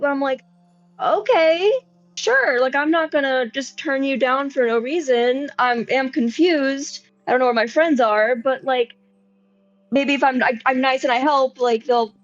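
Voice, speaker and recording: A woman's voice: high-pitched, a little slow, dry recording, lo-fi sound, faint music behind. A woman playing rambling nervous young man Bart. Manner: hesitant, rambling, full of fillers. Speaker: player. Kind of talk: tabletop role-play in character.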